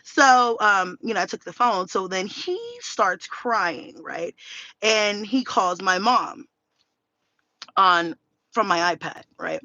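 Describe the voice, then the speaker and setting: A woman in her thirties telling a story in a casual vlog rant, blunt and animated, swearing freely. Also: mid-range voice, takes it slowly, dry recording, lo-fi sound. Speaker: vlogger.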